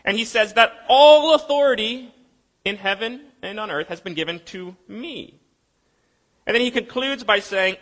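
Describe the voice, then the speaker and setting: A man preaching a sermon in a conversational, explaining way, asking rhetorical questions and reading scripture aloud slowly. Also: sits high, lively intonation, fairly bright tone. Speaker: pastor.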